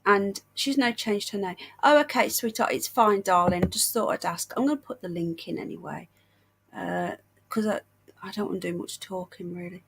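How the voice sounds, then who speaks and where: A woman's voice: medium pitch, normal speed, vocal fry, a little hiss or hum. A British woman hosting a casual livestream chat, unwell and short of breath, chatty and affectionate with viewers. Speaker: livestream host.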